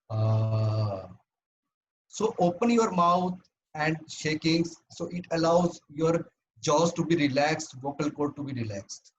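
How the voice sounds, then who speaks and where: A man's voice: a little high, rough recording. Man, club speaker, instructive and earnest delivery, faint noise in the background. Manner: earnest, instructive, paced in numbered steps. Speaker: club speaker giving a talk. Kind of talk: prepared talk on voice training.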